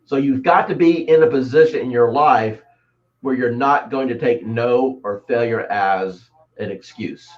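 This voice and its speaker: A man who is the guest on an interview show, talking about sales and mindset with lively, acted-out stories. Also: mid-range voice, a little slow. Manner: animated storyteller, acts out voices. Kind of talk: motivational interview talk. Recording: dull lo-fi audio.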